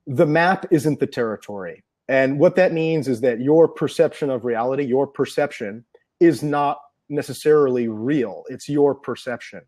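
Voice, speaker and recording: A man's voice: a little high, darkish tone. A man being interviewed as an NLP trainer, explaining ideas earnestly and piling up examples.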